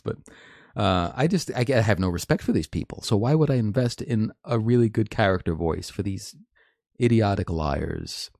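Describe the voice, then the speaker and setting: A man's voice: fairly low pitch, expressive, moderate pace, gravelly, darkish tone, no room sound, clean studio sound. A man hosting a live stream, reading and commenting on news articles in an opinionated, rambling way, laughing often.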